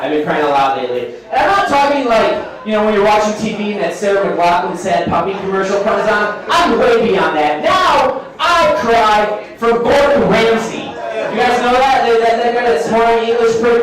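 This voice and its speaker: A young man doing a self-deprecating live stand-up set on a bar stage, chatting with the crowd. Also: high-pitched. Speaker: stand-up comedian. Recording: echoey bar room from a distance.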